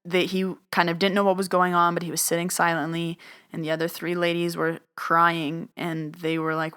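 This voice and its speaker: A woman telling a personal story in a podcast, animated, acting out other people's lines as she goes. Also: lowish voice, normal speed, smooth. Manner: animated retelling, acts out others' voices in quotes. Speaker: medium telling her story.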